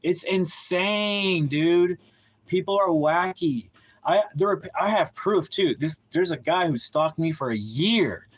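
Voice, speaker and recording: A man's voice: a little high, animated, slow, low-quality recording. A man hosting a livestream, ranting in a heated, profane, rambling way with many restarts and a bitter, aggrieved tone. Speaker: livestream host.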